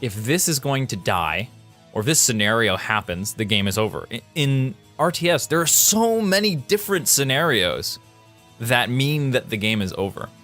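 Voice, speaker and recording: Animated man talking over gameplay. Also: faint music behind. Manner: animated, quick exclamations and jumps in pitch. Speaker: game developer and commentator. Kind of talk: casual gameplay commentary.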